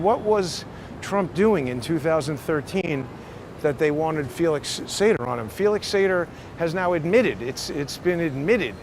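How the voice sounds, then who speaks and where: High-voiced man musing on a noisy street. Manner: musing, conversational, with restarts. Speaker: vlog host. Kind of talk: casual walking monologue. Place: city street outdoors. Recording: loud street traffic noise.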